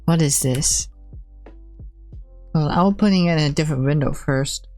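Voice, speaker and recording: A woman's voice: low-pitched, a little slow, a little mellow, no echo, faint music behind. A young woman streamer chatting casually on a live stream, blunt and teasing, swearing often.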